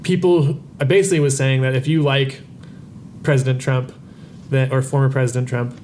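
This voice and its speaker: A man's voice: medium pitch, level tone, normal speed, a little mellow, slight background noise. A man talking as a podcast guest, reflective and often correcting himself. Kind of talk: casual chat.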